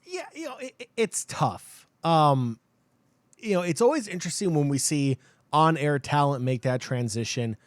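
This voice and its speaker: Upbeat male podcast host, lively pitch. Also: moderate pace, no echo. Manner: upbeat, hypes the show with cheers. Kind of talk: casual live-stream chat.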